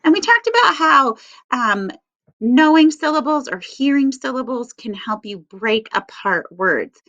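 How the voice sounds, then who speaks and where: A woman teacher reading a picture book aloud to children, stressing each word slowly in a sing-song way. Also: high voice, lively intonation, bright, forceful tone. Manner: slow, sing-song emphasis on words. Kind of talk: read-aloud lesson for children. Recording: dull lo-fi sound.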